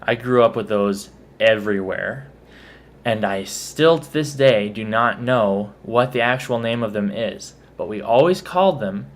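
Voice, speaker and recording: Low-voiced Texan man, chatty vlogger. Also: expressive, a little slow. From Texas. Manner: chatty, self-correcting, spells words out letter by letter. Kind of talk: casual accent tag video.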